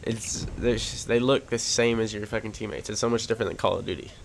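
A man commentating his own online shooter match, swearing constantly and quick to rage. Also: fairly low pitch, fairly even intonation, creaky. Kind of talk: casual gameplay commentary. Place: at home in front of a big TV. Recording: loud game gunfire and vehicle noise behind.

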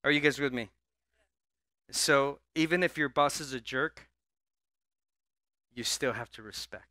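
A male pastor preaching a sermon in a church, animated, often repeating words and prompting the congregation to answer back. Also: medium pitch, unhurried, dry recording, clean studio sound. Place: church sanctuary.

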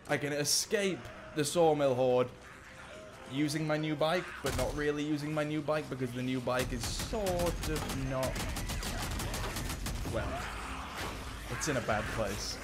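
A man's voice: mid-range voice, measured pace, long pauses, loud music behind the voice. A young man commentating a video game playthrough, joking and talking to the characters on screen. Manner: excitable, jokey, talks to the game characters. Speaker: gaming YouTuber. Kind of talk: let's play commentary.

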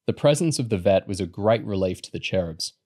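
A man narrating a children's novel in a measured, steady reading voice. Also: lowish voice. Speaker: audiobook reader. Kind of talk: storybook narration.

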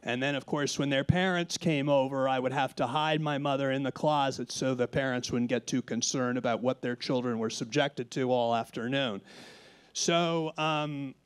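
Man in his fifties, panel guest spinning an anecdote with quoted voices, crisp tone. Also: mid-range voice, fairly even intonation, normal speed, no echo. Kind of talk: storytelling on a panel. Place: conference stage.

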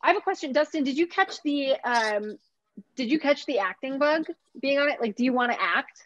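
A woman's voice: high-pitched, lively intonation, fairly quick, slight background noise. A woman from Minnesota hosting a casual cooking chat on a video call, upbeat and chatty, often laughing. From Minnesota, USA. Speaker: host. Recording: dull, muffled video call audio.

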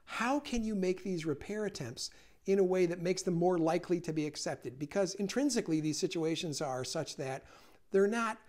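A man speaking as an educational host, explaining ideas in a conversational way and reading example phrases gently. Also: high-pitched, moderate pace. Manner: conversational, with fillers and restarts. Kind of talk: explanatory lecture.

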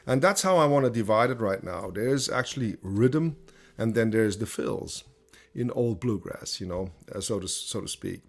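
A man teaching a banjo masterclass, talking slowly through ideas with lots of fillers and restarts. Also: medium pitch, faint music behind. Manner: thinking aloud, many fillers and restarts. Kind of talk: online masterclass lesson.

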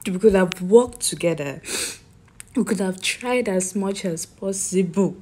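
A woman speaks slowly in a mid-range voice. She stops and starts and often repeats her words. Her tone moves between pleading and accusing. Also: mid-range voice, a little mellow, breathy edge. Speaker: grieving daughter telling her story. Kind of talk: emotional personal account.

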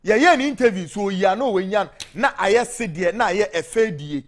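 A man's voice: high voice, animated, moderate pace. A Ghanaian man hosting a talk show, delivering a fiery, ranting political commentary and switching between Twi and English.

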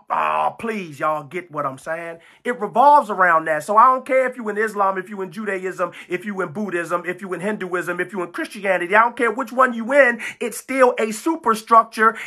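A woman's voice: fairly high pitch, pushed and bright. A woman preaching a fiery sermon, full of emphatic repetition and stammered restarts.

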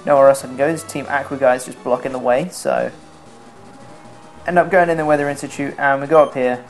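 A man's voice: mid-range voice, fairly even intonation, brisk. Young man, sarcastic game commentary, faint music behind. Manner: sarcastic, self-mocking, swears freely. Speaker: let's play commentator. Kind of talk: casual gameplay commentary.

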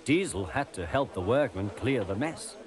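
A man narrating a children's cartoon in a gentle, expressive storybook style. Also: on the low side, moderate pace, a crowd in the background. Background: music.

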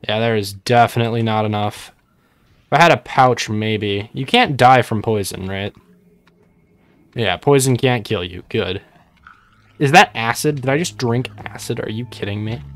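Jokey, rambling young male gamer. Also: medium pitch. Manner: rambling, jokey, panicky bursts. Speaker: gameplay commentator. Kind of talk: casual let's-play commentary.

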